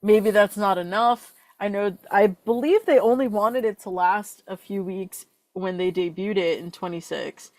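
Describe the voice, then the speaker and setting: A young woman co-hosting a fan podcast in casual chat, chatty with quick asides and filler words. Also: mid-range voice, a little mellow, no echo. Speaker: podcast co-host.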